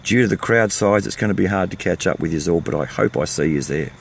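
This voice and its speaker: Older Aussie bloke, gravelly and fired-up, blunt rant from his vehicle. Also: deep voice, fast, a little hiss or hum. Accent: Australian. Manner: fired-up, ranting, blunt and repetitive. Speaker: vlogger. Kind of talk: impassioned monologue to camera.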